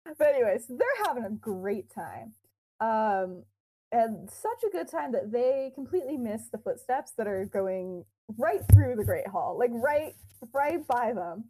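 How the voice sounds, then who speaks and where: A woman's voice: on the high side, very animated, measured pace, mellow, rough recording. A young woman co-hosting a podcast, casually retelling a fan-fiction story with quoted dialogue, lots of fillers and giggles.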